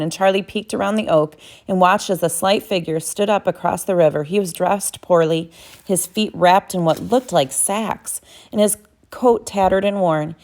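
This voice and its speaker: A woman's voice: fairly low pitch, darkish tone. A woman narrating a novel as an audiobook, reading steadily with small self-corrections.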